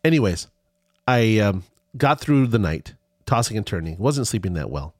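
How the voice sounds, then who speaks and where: Here a man speaks at a fairly low pitch and a moderate pace, spinning out a lengthy, meandering anecdote during relaxed conversation. His intonation rises and falls constantly, and he often breaks off to begin sentences again. The recording is dry and close-miked.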